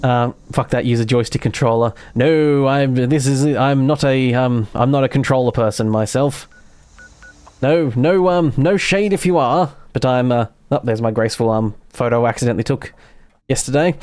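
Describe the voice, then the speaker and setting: A man's voice: mid-range voice, darkish tone, clear, resonant tone, no room sound. An Australian man commentating live gameplay and chatting with viewers, rambling and self-deprecating, with casual swearing and many fillers. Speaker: game streamer.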